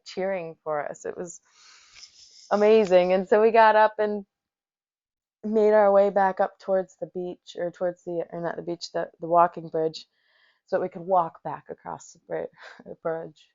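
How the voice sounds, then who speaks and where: Woman telling a story in a lowish voice. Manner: profane, rambling, animated storyteller. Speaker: podcast host, yoga teacher. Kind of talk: casual storytelling monologue. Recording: dull lo-fi recording.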